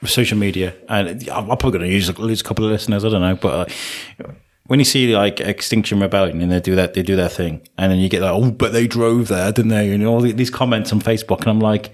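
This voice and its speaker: A man's voice: lowish voice, quick pace. A man from England hosting a podcast, chatting in a hesitant, conversational way with many fillers. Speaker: podcast host. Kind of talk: casual chat.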